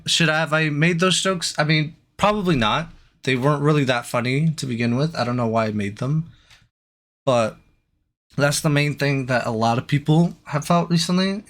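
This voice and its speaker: A man speaking on a stream, apologizing in a halting, unsure way. He restarts his sentences and fills pauses with ums and uhs. His voice sits at a middle pitch for a man. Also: fairly bright tone. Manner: hesitant, halting, many restarts and fillers.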